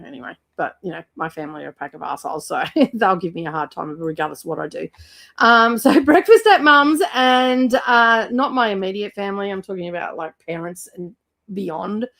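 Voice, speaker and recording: A middle-aged woman with an Australian accent chats casually on a livestream, rambling along with plenty of fillers and restarts. She has a cold and now and then clears her throat. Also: lowish voice, a bit bright. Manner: rambling, chatty, with frequent fillers. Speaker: book channel host.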